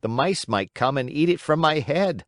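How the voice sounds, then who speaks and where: A man's voice: fairly high pitch, expressive, normal speed, fairly bright tone, no echo, clean studio sound, voice pushed up. A man voicing a sensible little boy who speaks in a matter-of-fact, scornful way.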